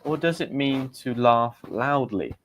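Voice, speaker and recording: An English teacher and livestream host speaks in an unhurried, mid-range voice with a British accent. He runs a live vocabulary lesson in a chatty way, asking viewers quiz questions and reading out their comments, with slight background noise audible.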